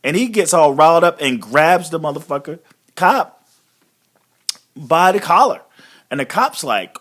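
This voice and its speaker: A man's voice: fairly high pitch, animated, a little slow, long pauses, fairly bright tone. A man giving a casual, rambling recap of a wrestling show, blunt and swearing freely. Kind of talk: casual profane recap monologue.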